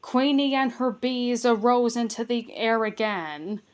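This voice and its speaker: A woman with a fairly high voice reads a children's storybook aloud, slowly and deliberately. She reads carefully but occasionally stumbles, restarting a word before she carries on.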